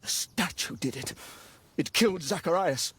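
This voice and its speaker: An actor playing a shaken, indignant gentleman witness in a mystery game. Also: fairly high pitch, expressive, normal speed, slightly rough, dry recording, full character voice.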